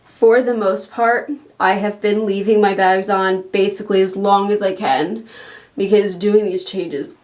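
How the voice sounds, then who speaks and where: A woman's voice: mid-range voice, fairly even intonation, measured pace, a little mellow. Chatty, slightly breathless woman vlogger. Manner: chatty, rambling, laughs often. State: a little out of breath. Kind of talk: casual chat to camera.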